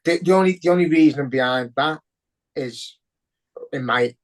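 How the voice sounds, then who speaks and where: A man's voice: fairly high pitch, normal speed. A young man with a Liverpool accent, chatting on a podcast, swearing heavily as he rants with emotion. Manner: heavy swearing, emotional and ranting. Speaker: podcast co-host. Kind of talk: casual podcast chat.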